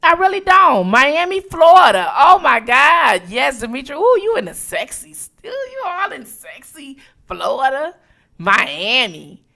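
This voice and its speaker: Woman, from Detroit, livestream host, casual late-night chat, bright, high-pitched. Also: gravelly. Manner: animated, reads out viewer locations with quick reactions.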